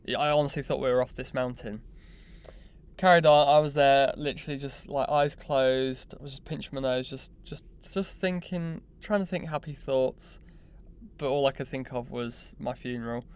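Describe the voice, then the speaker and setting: Youngish man, clear voice. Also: medium pitch. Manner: animated, self-mocking storyteller. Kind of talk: casual anecdote monologue.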